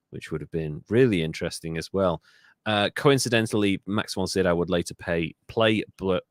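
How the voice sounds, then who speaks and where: A man's voice: lowish voice, no room sound, studio quality. A man co-hosting a comedic history podcast, telling stories in casual chat, swearing freely and slipping into mock voices. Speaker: podcast co-host.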